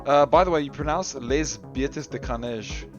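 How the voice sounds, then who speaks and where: A man's voice: mid-range voice, moderate pace, lo-fi sound. A man giving live commentary on a game tournament, reading chat aloud and joking with viewers, laughing often. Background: faint game music.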